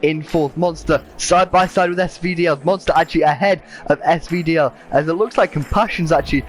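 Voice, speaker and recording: A man commentating a sim racing event with excited play-by-play, saying he is losing his voice. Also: fairly high pitch, a little fast. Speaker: race commentator.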